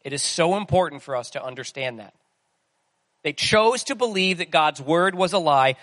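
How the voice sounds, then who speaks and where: A man's voice: fairly high pitch, lively intonation, normal speed, a bit bright, no room sound. A man preaching a sermon in a conversational way, asking the listeners questions as he goes. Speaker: pastor.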